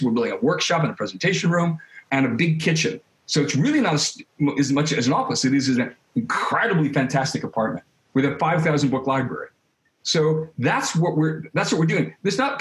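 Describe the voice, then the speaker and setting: Animated man in a roomy, echoing space. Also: fairly high pitch. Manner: animated, with quick restarts and repeated words. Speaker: interview guest, creative studio head. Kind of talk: casual conversational interview. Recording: roomy echo.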